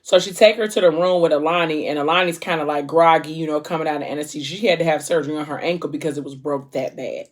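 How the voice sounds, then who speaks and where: Woman, book vlogger, casual plot recap, emotional, animated, slangy. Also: low voice, fast, hardly any pauses.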